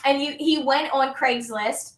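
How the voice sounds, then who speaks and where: As a guest on a casual podcast, this health and wellness coach sounds chatty and upbeat, leaning on fillers such as "like" and "you know." Her high voice is fairly bright and unhurried, and the room gives it an echo.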